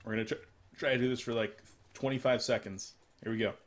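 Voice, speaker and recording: A man's voice: mid-range voice, fast talker. A young man with hiccups casting a video game match alone from home, chatty and self-deprecating. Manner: chatty, self-deprecating, bursts of excitement on plays. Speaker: esports caster. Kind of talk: solo play-by-play commentary from home. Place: room at his mother's home.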